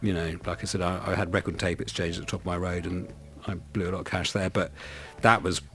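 A man's voice: deep voice, little pitch movement, fast, a bit bright. A middle-aged man from London, a guest in casual chat, telling rambling stories with many restarts. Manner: rambling, self-correcting storyteller.

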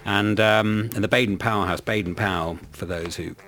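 A man's voice: fairly low pitch, fairly even intonation, moderate pace, fairly bright tone. A middle-aged man from London, a guest in casual chat, telling rambling stories with many restarts. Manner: rambling, self-correcting storyteller.

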